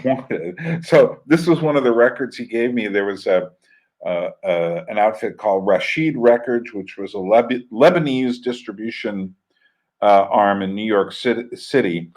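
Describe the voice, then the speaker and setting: A man's voice: mid-range voice, darkish tone, poor audio. A man hosting an internet radio fundraiser, telling stories in a rambling, casual way with many fillers and restarts. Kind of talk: casual storytelling monologue.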